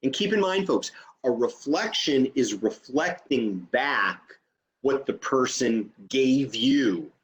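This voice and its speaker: A man's voice: medium pitch, lively intonation, slow, muffled recording. A man teaching an online training session over a video call, explaining step by step and checking in with "okay?".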